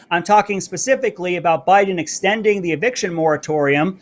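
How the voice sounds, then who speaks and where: A man hosting a live political commentary stream, talking brashly and fast. His voice sits high for a man. He plugs his merch between rants. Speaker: show host. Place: Florida.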